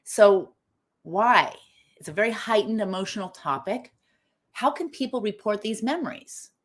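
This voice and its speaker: A woman's voice: mid-range voice, moderate pace. Lady hosting a live stream, voice going up and down a lot, keeps asking the chat stuff. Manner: animated, emphatic, asks the audience questions. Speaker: host of a live online talk. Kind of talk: lively live-stream talk.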